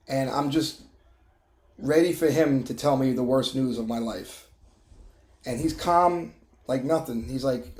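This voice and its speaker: A middle-aged man sharing a personal testimony in an emotional, halting way, with many restarts and fillers. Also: medium pitch, darkish tone, reverberant. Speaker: testimony vlogger.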